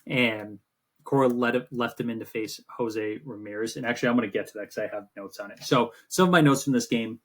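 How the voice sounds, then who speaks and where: A man co-hosting a sports podcast, telling rambling, animated stories in casual chat. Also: mid-range voice, brisk. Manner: rambling, animated storytelling with swearing. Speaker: podcast co-host.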